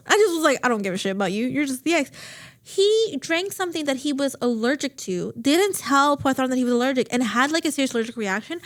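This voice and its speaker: Chatty woman with a high voice. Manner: chatty, lots of fillers, swears, animated quoting. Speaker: podcast co-host. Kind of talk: casual recap chat.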